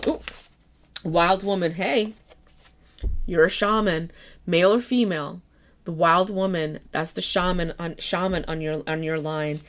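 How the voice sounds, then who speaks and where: Female tarot reader, low and slightly hoarse, gentle and encouraging delivery. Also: measured pace, slight background noise. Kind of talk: tarot reading.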